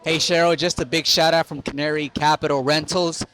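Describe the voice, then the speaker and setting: A man's voice: on the high side, level tone, a little fast, fairly bright tone. A man from a photo booth rental company leaving an upbeat thank-you message. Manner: upbeat, friendly sign-off. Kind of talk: guest book voice message.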